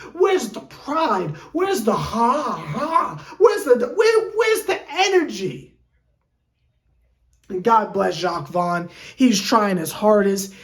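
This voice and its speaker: A woman's voice: a little high, darkish tone, roomy sound. A woman sports fan vlogger ranting in an exasperated, theatrical way, with lots of rhetorical questions. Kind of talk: fan reaction rant.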